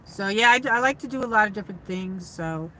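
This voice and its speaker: A woman's voice: medium pitch, expressive, fast talker, pushed and bright, slight background noise, poor audio. Chatty woman livestreaming from her car. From upstate New York. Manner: rambling, chatty, many fillers and restarts. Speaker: livestream host. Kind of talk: casual livestream chat.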